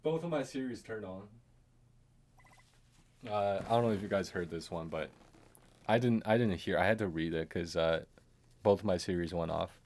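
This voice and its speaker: Deep and a little mellow, this streamer's voice has lively intonation and normal speed, broken by long pauses. His casual live-stream commentary rambles, drifting off into mumbled asides and chuckles.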